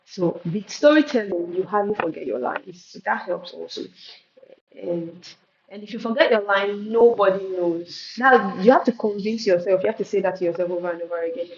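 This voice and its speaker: A woman leads a live poetry lesson and leans hard on key words, often restarting mid-phrase. Her voice sits in the middle of the range. The recording sounds muffled, with a steady hiss behind her. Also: mid-range voice. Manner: emphatic, repeats words and restarts, drawn-out stresses. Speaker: poetry teacher. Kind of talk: live spoken-word lesson answering questions. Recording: roomy, dull and noisy.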